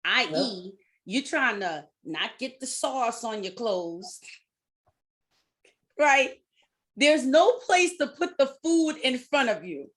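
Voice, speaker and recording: A middle-aged woman with a somewhat high voice talks through life advice in a relaxed, chatty way. She acts out the little voices in her head and breaks into laughter now and then. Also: slow. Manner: animated, acts out inner voices, laughs often. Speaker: life coach and podcast host. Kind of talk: casual conversational advice.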